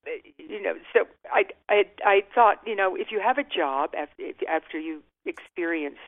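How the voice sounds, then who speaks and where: An older woman talks candidly over a thin, tinny phone line. Her voice sits low, and her reflective answers are often broken by soft laughter. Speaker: guest author. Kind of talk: interview. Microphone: telephone.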